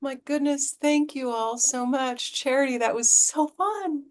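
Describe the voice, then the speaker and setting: A woman with a high voice speaks on a video call as a guest. She sounds effusive and grateful as she opens. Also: measured pace. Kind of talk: casual video call chat.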